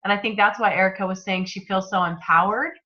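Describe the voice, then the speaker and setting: Upbeat bright-voiced woman on a call. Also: medium pitch, quick pace. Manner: upbeat, chatty, enthusiastic. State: slightly sore throat, congested. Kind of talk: motivational group video call. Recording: muffled, lo-fi video call audio.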